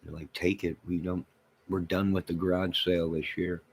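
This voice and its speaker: A man's voice: low voice, little pitch movement, normal speed, slightly rough. A man hosting a casual livestream, rambling and joking with his chat viewers, with a toothless way of speaking. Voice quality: toothless speech. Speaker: livestream host.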